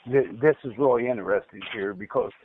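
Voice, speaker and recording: A man with a mid-range voice talks a little fast as he casually describes an interrogation by phone, against a noisy background. The line is tinny and dry, and he stutters, repeats words and restarts his sentences.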